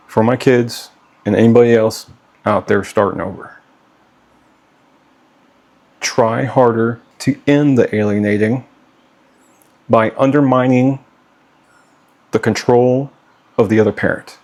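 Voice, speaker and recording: With a mid-range, darkish voice and fairly even intonation, this man speaks unhurriedly and pauses often. He's a middle-aged father addressing his children straight to camera in a personal vlog, earnest and pleading, frequently saying "okay?" while becoming worked up.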